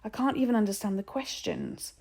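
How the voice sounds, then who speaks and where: A woman's voice: medium pitch, huge pitch swings, fairly quick, a little mellow, voice pushed up. A woman voicing a scared, anxious younger boy who pleads as if close to tears in a storybook reading.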